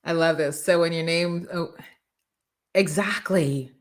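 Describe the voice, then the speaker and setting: A middle-aged woman with a slightly low voice coaching her audience on branding. She talks with energy and emphasis and slips into playful quoted voices to make a point. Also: slow. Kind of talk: motivational coaching talk.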